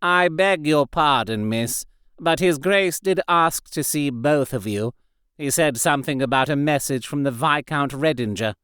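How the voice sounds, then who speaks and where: A man's voice: fairly high pitch, unhurried, fairly bright tone, clean tone, dry recording, studio quality. A man doing a deferential old butler. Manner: formal, deferential. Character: patient, formal old male butler.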